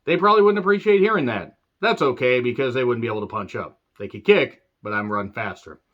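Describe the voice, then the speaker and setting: Man, wrestling reviewer, casual rambling talk, sarcastic crude humor, mid pitch, dull lo-fi audio. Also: expressive, fast. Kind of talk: casual spoken video review. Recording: dull lo-fi sound.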